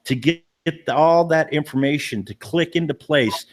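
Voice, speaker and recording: A man's voice: fairly high pitch, normal speed, slight background noise. Man, paranormal investigator, casual storytelling, earnest, emphatic, repeats himself. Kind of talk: casual storytelling on a live stream.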